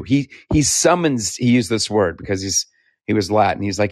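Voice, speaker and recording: A man's voice: on the low side, fairly quick, creaky, dry recording. Talkative American man telling his story. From Idaho, United States. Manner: talkative, animated, laughs often. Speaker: interviewee, founder. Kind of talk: conversational storytelling.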